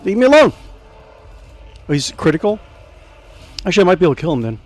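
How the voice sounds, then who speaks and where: A man giving casual let's play commentary, playful and chatty, thinking out loud and adding little sound effects as he plays. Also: fairly high pitch, expressive, racing. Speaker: gameplay commentator.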